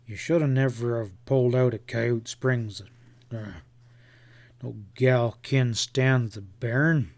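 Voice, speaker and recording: Slow, growling cowboy guide, read by a man in a western audiobook, rough and patient. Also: mid-range voice, darkish tone, close to an everyday voice. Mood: self-reproaching. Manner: growling frontier drawl, slow muttering. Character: gruff thick-set cowboy guide, patient but rough.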